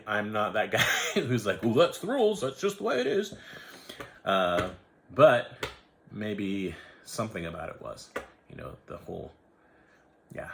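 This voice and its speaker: A man's voice: sits low, fairly bright tone, slight background noise. An American man in his forties telling a rambling, self-interrupting story in a casual vlog, acting out the voices of people he quotes. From United States. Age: 40s. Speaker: vlogger.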